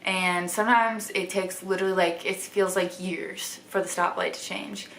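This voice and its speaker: A woman's voice: lowish voice, fairly even intonation, moderate pace, a bit bright. A young woman from Wisconsin with a light Wisconsin accent, talking casually to camera in a vlog and filling her speech with "like". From Wisconsin, USA. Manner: chatty, heavy use of "like" fillers. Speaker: vlogger. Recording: echoey room with faint hiss.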